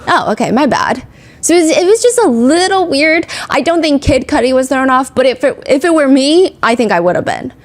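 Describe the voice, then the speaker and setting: A woman hosting a podcast, giving casual commentary on a courtroom trial, chatty and animated, filling her talk with "like". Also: sits high, a little fast, hardly any pauses. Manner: chatty, heavy use of "like"; animated, emphatic retelling. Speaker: podcast host. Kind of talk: casual true-crime commentary.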